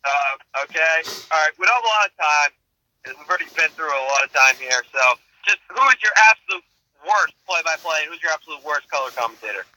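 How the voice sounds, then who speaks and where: Bright, high-voiced male podcast host. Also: expressive, rough recording. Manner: brisk, steers the segments. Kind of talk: casual sports chat.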